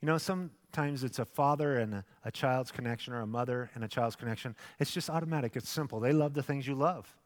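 A man in his fifties preaching a sermon with acted asides, swinging from loud bursts to hushed, soft passages. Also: medium pitch, fast, hardly any pauses. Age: 50s. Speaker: pastor. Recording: long hall reverb.

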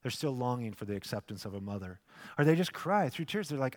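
A man in his fifties preaching a sermon with acted asides, swinging from loud bursts to hushed, soft passages. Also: mid-range voice, big pitch swings, fast. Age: 50s. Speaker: pastor. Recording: long hall reverb.

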